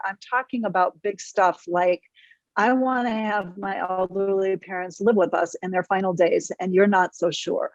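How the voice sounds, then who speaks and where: A woman therapist talks frankly on a podcast with energy and the odd mild curse. Her voice sits at an ordinary pitch. It comes through a dull, slightly muffled and very dry recording. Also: no room sound. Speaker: therapist guest. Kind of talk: podcast interview.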